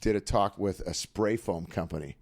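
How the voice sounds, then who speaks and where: A man's voice: low-pitched, moderate pace, no echo. A man, a former football player, telling stories energetically in a casual podcast chat. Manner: energetic, animated storyteller with lots of fillers.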